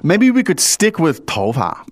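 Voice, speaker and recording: A man's voice: on the high side, huge pitch swings, unhurried. A man hosting a language lesson, prompting his co-host with questions and plenty of fillers. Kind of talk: casual teaching chat.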